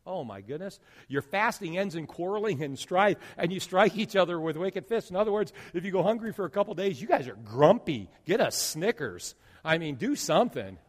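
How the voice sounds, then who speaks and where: A man pastor preaching a sermon, swinging between loud declarations and hushed asides. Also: high-pitched, lively intonation, brisk, big-room sound.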